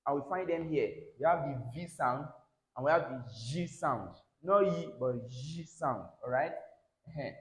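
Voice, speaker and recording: Man teaching pronunciation, echoey room. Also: a little high. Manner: repeats words, checks in with frequent "all right?". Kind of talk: classroom pronunciation lesson.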